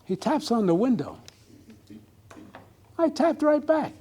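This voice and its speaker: Husky man telling a comic story. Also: very high voice, big pitch swings, takes it slowly, warm tone. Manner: comic storytelling to a live audience. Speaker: club speaker. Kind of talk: humorous public speech. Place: club meeting room before an audience.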